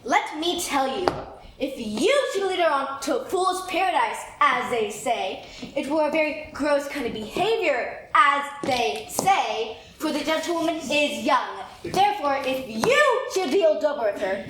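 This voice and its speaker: A woman's voice: high voice, lively intonation, unhurried. A woman acting a rambling, complaining old female nurse in a live stage play. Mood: fussing. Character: fussy, long-winded old female nurse. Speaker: stage actor. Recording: echoey hall, noisy audience recording.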